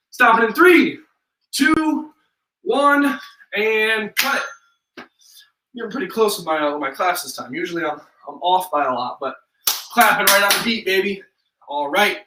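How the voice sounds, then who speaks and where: A fitness instructor leads a live workout with upbeat cues and countdowns. His voice is high and bright. He sounds a little distant from the mic in an echoey room.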